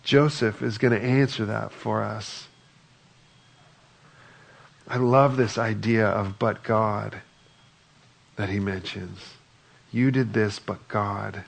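A man delivers a sermon in an easy, conversational manner, stopping to read scripture passages aloud. His voice sits low with a gravelly, fry-edged texture and a husky, slightly rough grain. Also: fairly even intonation, slow, long pauses. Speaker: pastor.

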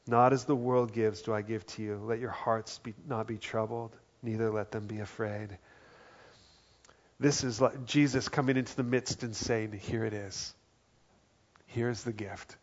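A man preaching a sermon as pastor, earnest, dropping to a hushed voice for quoted lines. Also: lowish voice, steady tone, unhurried, highs cut off. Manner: earnest, drops to soft quiet tones for quoted words.

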